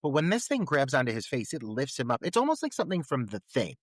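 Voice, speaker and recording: A fast-talking podcast co-host with a medium-pitched voice recaps a film in casual chat, animated and profane, swearing a lot and laughing throughout. The audio has no echo.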